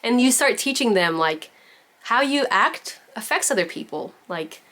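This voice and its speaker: A woman's voice: fairly high pitch, lively intonation, a little slow, fairly bright tone. A woman teaching a parenting class over a video call, talking in a chatty way full of "like" and "you know". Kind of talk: casual virtual class teaching.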